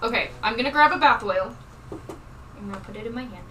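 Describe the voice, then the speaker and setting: A woman's voice: on the high side, expressive, a little fast, noisy background. A woman playing a tabletop game, playful and insistent as she bargains. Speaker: player. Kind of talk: casual tabletop play. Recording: distant mic with music behind.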